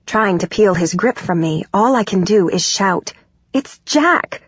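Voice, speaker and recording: A woman narrating a first-person audiobook in a steady, even way. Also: fairly low pitch, normal speed, husky, no room sound. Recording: dull, dry studio recording.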